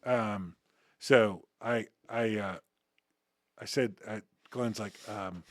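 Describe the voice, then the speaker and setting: A man with a lowish voice speaks slowly in a clean, echo-free studio recording. He's a former uniformed security officer appearing as a guest on an interview show, telling animated stories in casual conversation. He acts out quoted dialogue and often restarts his sentences.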